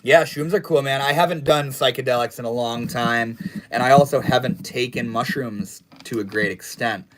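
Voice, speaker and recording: A young man hosting a relaxed livestream, talking easily in a mid-range voice. His speech is slangy and unhurried, and he often drops to a low mumble at the end of a phrase. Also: background noise. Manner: laid-back, slangy, trails off into low mumbles. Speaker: livestream host. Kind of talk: casual livestream chat, reading chat messages.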